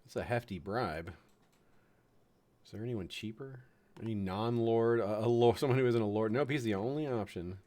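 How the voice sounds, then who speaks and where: A man's voice: on the low side, normal speed, dark tone. A man from the United States giving chatty, chuckling commentary on a strategy game, fond of puns. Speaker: game streamer.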